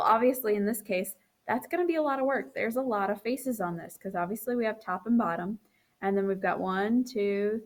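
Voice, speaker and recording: A woman teacher walking through a recorded math lesson, counting aloud as she draws and correcting her own slips, tired and yawning. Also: medium pitch.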